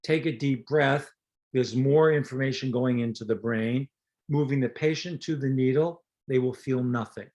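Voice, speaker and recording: An older man talks in a relaxed interview, mixing anecdotes with plain teaching. He is a dentist and lecturer, and he acts out the lines of the people in his stories. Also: mid-range voice, normal speed, dull audio. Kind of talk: storytelling interview talk.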